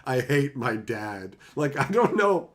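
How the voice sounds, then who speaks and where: A man's voice: very animated, slow pace, a bit bright. Canadian guy streaming, joking around with chat, swears a ton, laughs, then gets serious and gives advice. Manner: crude, joking, frequent laughter; swings to low earnest advice. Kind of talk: casual live-stream chat.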